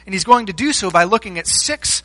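A man's voice: high voice, expressive, brisk, bright, forceful tone, no room sound. A man preaching a sermon, telling a story with many fillers and restarts and asking the congregation questions. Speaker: pastor.

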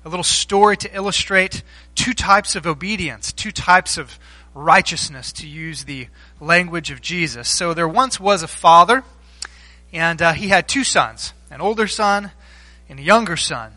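A male pastor delivers a sermon in a high, forceful voice. The sound is dry and close, with no room echo. He talks like a storyteller, with fillers and restarts, and asks the congregation questions. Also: unhurried.

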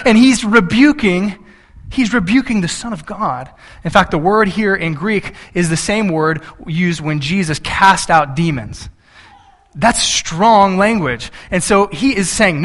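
A high-voiced man preaching, who drops into lower, hushed voices to act out the disciples. He laughs often, slows right down to stress a point and rushes through his asides. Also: expressive. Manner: slows down for emphasis, speeds up in asides. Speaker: pastor. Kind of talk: sermon with dramatized retelling.

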